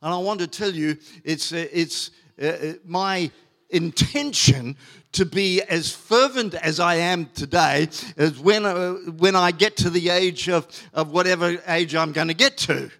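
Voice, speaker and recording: A middle-aged male pastor preaching a sermon, stressing key words slowly and loudly, with many fillers and restarts. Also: fairly high pitch.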